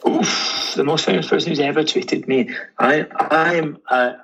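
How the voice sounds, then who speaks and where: A man's voice: on the high side, unhurried, fairly bright tone, breathy edge, rough recording. A man co-hosting a casual podcast, easygoing, giving brief replies with hesitations. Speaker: podcast co-host. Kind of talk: casual chat.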